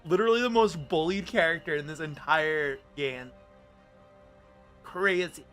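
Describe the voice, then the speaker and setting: A man's voice: fairly high pitch, measured pace, a bit bright, faint music behind. A man streaming live, chatting with viewers in a rambling, playful way. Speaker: VTuber streamer. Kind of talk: casual livestream chat.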